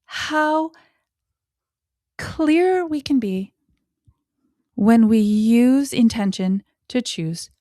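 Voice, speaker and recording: Woman host talking parenting, slow and drawn out, dry close sound, jumps up high then whispers. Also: dry recording. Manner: expressive, with sudden pitch jumps and whispered asides; slow, deliberate emphasis on key words. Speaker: parenting educator. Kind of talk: podcast talk on child communication.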